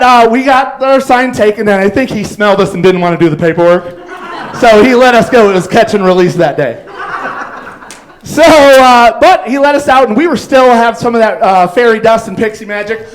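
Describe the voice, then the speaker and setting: A man's voice: very high-pitched, rough recording. A man doing a stand-up set on a club stage, telling rambling stories full of fillers and acted-out quotes. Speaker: stand-up comedian.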